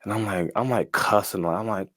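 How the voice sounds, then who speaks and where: A man's voice: fairly low pitch, brisk, fairly bright tone, no echo, clean studio sound. A young man telling his story casually as a guest, slangy and often laughing, with lots of "like" and "bro.".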